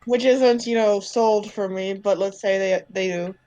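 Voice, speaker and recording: A woman's voice: medium pitch, fairly even intonation, unhurried, mellow, slight background noise, lightly acted, poor audio. A woman voicing a skeptical, matter-of-fact adventurer who halts and restarts while explaining.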